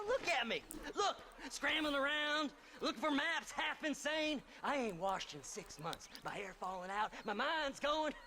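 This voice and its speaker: This is a scrawny, unhinged old grave robber for a video game. The voice sits very high and cracks into gravel, lurching wildly up and down. Loud insect buzz fills the game audio behind him. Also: male voice, expressive, a little slow, hardly any pauses, slight background noise, full character voice. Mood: manic. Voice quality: gravelly, cackling, manic swings. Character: wild-eyed old male grave robber, half mad. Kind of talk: video game cutscene acting.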